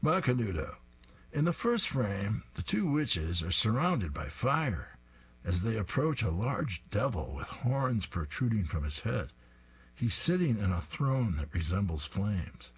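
A man's voice: fairly low pitch, big pitch swings, unhurried, husky. A man reading comic strips aloud, describing each panel with amused asides.

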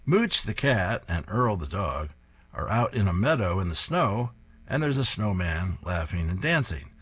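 Husky man reading comic strips aloud. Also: deep voice, very animated, a little slow, fairly bright tone. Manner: descriptive, amused.

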